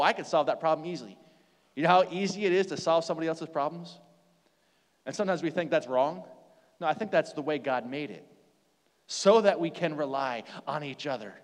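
Brief: American male preacher, slightly high pitch, chatty sermon, long echo of a big hall. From United States. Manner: conversational preaching, rhetorical questions, swings between loud and hushed.

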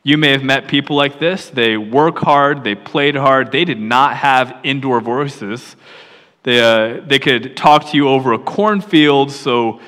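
A middle-aged man from Pennsylvania telling a personal story in a sermon, sometimes dropping to a hushed near-whisper. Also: medium pitch, unhurried, in a large hall. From York, Pennsylvania, USA.

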